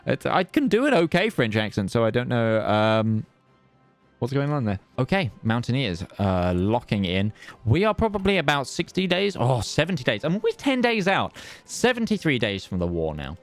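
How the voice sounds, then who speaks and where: A man giving live esports commentary, chatty and excitable, full of fillers and restarts. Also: medium pitch, moderate pace. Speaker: esports caster.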